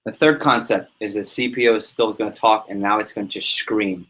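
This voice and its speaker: A man leading a sales team meeting, giving an energetic motivational talk full of anecdotes and repetition. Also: fairly low pitch, normal speed. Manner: energetic, repeats himself, tells anecdotes. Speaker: team leader running a sales prep meeting.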